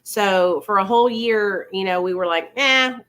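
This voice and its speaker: A woman's voice: mid-range voice, moderate pace. A woman in her thirties, a vlogger casually telling viewers a personal story in a chatty, confiding way.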